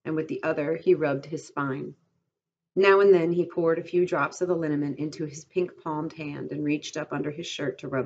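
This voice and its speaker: Low-voiced woman teacher reading a novel aloud. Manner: steady and clear, pausing to pose questions. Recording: dull lo-fi recording.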